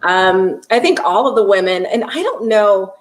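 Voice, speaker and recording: A woman's voice: mid-range voice, animated, moderate pace, rough recording. Frank woman caller on a live show. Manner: frank, slightly hesitant with ums. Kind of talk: call-in opinion.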